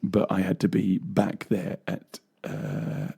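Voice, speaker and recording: A man's voice: sits low, big pitch swings, slow pace, gravelly, dark tone, breathy edge. A young man, co-hosting a casual chat show, rambling along with many fillers and laughs. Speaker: co-host.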